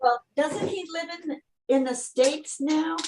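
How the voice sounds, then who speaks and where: A woman chatting on a video call and chipping in with lively questions. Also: high-pitched, slow. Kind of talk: casual chat. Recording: echoey room, distant from the mic, with noticeable noise.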